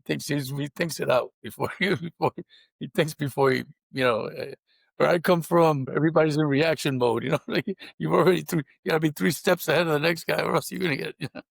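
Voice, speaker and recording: A man with a New York accent hosting a podcast, talking haltingly and laughing often. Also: fairly high pitch, fairly even intonation, creaky, no room sound, clean studio sound. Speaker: podcast host. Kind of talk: podcast conversation.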